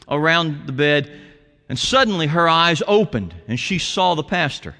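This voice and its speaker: A man preaching a sermon as a pastor, telling a story with quoted voices and dropping to soft, intimate tones. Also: a little high, very animated, moderate pace. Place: church sanctuary. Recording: long hall reverb.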